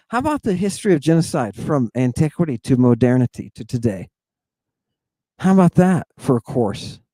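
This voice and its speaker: Swinging between loud jabs and quiet mutters, a middle-aged man gives an insulting, confrontational lecture meant to provoke. The audio is dry.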